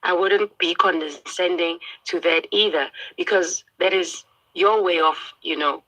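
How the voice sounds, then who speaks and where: A woman in her thirties, a guest on a talk show, speaking calmly and politely in a measured way. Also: on the low side, low-quality recording. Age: 30s. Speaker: guest seeking advice. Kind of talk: conversation.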